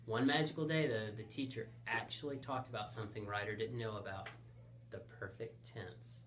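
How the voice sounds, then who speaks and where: A man hosting and narrating a comic story with a playful, deadpan delivery. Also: on the low side, quick pace, slight background noise. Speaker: storyteller host.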